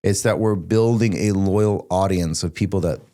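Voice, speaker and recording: A young man hosting a podcast, chatting casually in an animated, emphatic way. His voice sits a little low and he fills his talk with "like". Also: moderate pace. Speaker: podcast host.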